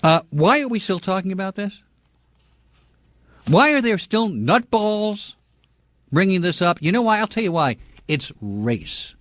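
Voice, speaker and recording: A man's voice: high-pitched, big pitch swings, measured pace, long pauses, fairly bright tone. A middle-aged man hosting a call-in radio talk show, talking in a heated, emphatic, indignant way.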